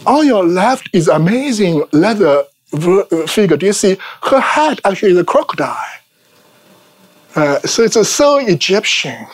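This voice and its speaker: Casting: high-pitched male lecturer, chatty and informal, constant tag questions, frequent "uh" and restarts. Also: very animated, moderate pace. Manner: tags nearly every phrase with "right?", many fillers and restarts; laughs at his own asides.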